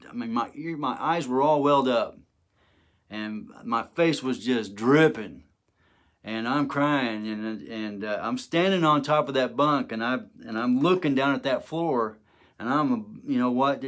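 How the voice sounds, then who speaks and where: A man's voice: mid-range voice, fairly bright tone. A middle-aged man telling a personal testimony, emotional and dramatic, acting out the quoted words. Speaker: testimony speaker.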